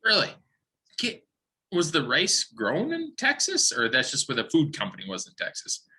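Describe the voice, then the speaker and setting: Man, young, animated podcast guest, very bright voice. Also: fairly high pitch, normal speed, husky. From Saskatchewan, Canada. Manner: rambling, animated storyteller. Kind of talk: casual chat.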